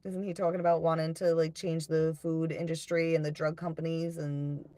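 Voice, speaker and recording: Low-pitched woman in her 30s doing a live tarot stream, swears a lot, laughs a lot, dry close sound. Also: little pitch movement, moderate pace, mellow, no echo. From United States. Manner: profane, blunt, laughing often, reading chat aloud. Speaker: tarot reader on a livestream. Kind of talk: casual livestream chat.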